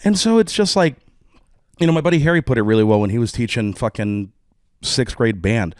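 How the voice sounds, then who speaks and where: Texan drummer, podcast guest; candid, profane, rambling; dry close mic. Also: male voice, medium pitch, expressive, fairly quick, no room sound. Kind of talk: casual conversation.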